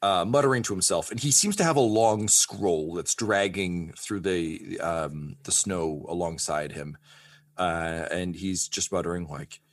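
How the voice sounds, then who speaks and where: A man's voice: low voice, unhurried. A man running a tabletop game as game master, narrating playfully and jokingly.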